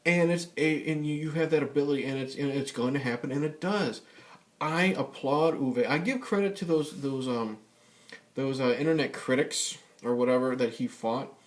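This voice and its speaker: A man's voice: mid-range voice, moderate pace. A man vlogging a casual rant, swearing often and rambling with many fillers and restarts. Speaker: YouTube vlogger. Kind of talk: casual ranting vlog.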